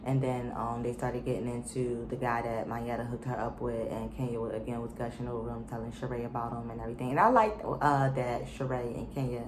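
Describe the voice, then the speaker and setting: A woman's voice: very deep voice, steady tone, brisk, hardly any pauses, echoey room, a little hiss or hum. A woman casually recapping a reality show, chatty and opinionated, with lots of fillers and slang.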